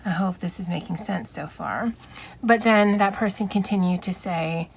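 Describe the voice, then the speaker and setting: A woman with a Hawaiian accent chatting casually in a vlog, soft and halting, stumbling over her words while she works on a picture. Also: medium pitch, vocal fry, husky. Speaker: YouTuber.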